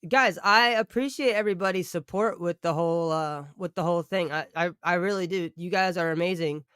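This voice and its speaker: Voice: mid-range voice, brisk, fairly bright tone, smooth, no echo, clean studio sound. A livestreamer chatting casually with viewers, rambling and thanking them often.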